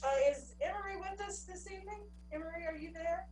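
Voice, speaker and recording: A woman's voice: very high voice, brisk, darkish tone. Effusive woman hosting an awards segment. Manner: effusive, enthusiastic praise. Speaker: district co-host. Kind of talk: ceremony presenting on a video call. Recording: echoey room, distant mic, faint hum.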